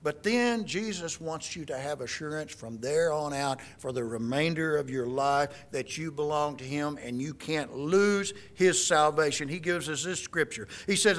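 A man's voice: a little high, normal speed, hardly any pauses. A middle-aged man preaching a sermon, quoting scripture in an emphatic, folksy way. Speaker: pastor.

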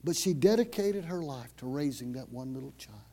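A man preaching a sermon as pastor, telling a story and leading prayer, going from loud, urgent passages to hushed whispers. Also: mid-range voice, expressive, a little fast. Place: church.

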